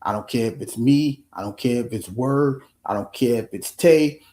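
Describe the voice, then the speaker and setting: A man's voice: medium pitch, normal speed, warm tone, echoey room. Guy on a livestream, mid voice, earnest, keeps restarting sentences, casual swearing. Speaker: live streamer. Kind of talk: casual motivational livestream talk.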